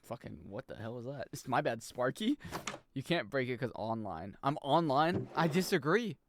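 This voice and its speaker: A young man giving casual, jokey commentary as he plays a video game, swearing and breaking into loud high-pitched yells. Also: expressive, moderate pace, noisy background. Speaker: streamer.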